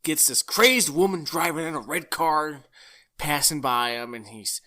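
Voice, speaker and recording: Bright-voiced, chatty male podcast co-host. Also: a little high, unhurried. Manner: enthusiastic, chatty, jumps in with details. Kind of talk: casual film discussion.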